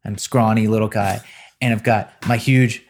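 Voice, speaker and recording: Animated man telling a story. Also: on the low side, slight background noise. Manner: animated storyteller, quick to laugh, mimics voices. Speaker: podcast host. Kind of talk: casual storytelling chat.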